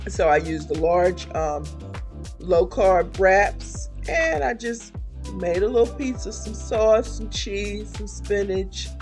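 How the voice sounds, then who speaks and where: A woman, chatting casually and warmly to viewers in a homey way in her weight loss vlog. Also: mid-range voice, takes it slowly, soft background music. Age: 50s.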